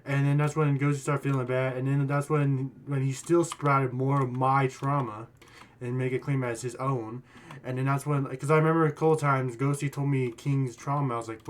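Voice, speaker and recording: A man's voice: medium pitch, steady tone, moderate pace, slight background noise. A man hosting a casual storytime commentary video, rambling and heated, often restarting his sentences. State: voice getting worn out. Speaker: YouTube commentary host.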